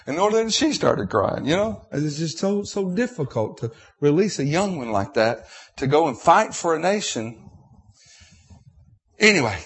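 A man's voice: a little high, sing-song, normal speed, slightly rough. A middle-aged man preaching a sermon, emotional and repetitive, with restarts.

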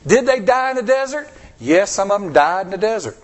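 High-voiced male pastor preaching. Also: fairly quick. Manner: expressive preaching with rhetorical questions to the congregation; acts out the voices of people he quotes. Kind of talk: sermon.

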